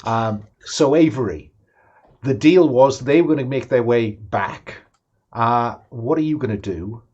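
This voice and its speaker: A man narrating as game master, measured and full of pauses and restarts. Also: mid-range voice, darkish tone, muffled recording.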